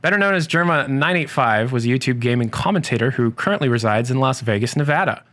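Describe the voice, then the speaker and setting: A man's voice: medium pitch, lively intonation, quick pace, fairly bright tone. A male interviewer asking dry follow-up questions and reading prepared bio lines. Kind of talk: casual interview.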